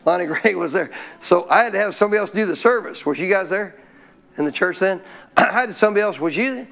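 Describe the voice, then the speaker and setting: A male pastor telling a story in a sermon, folksy and animated, often clearing his throat. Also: high-pitched, quick pace.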